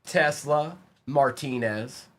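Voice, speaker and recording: A young man on a live stream, chatting casually and calling out player names as he opens card packs, getting excited along the way. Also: medium pitch, slow pace, a little hiss or hum.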